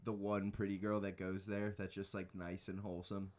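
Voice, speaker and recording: A man's voice: sits low, little pitch movement, moderate pace, a little mellow. A young man, a comedian guest on a podcast, chatting casually with crude jokes. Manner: crude, joking, puts on mock accents.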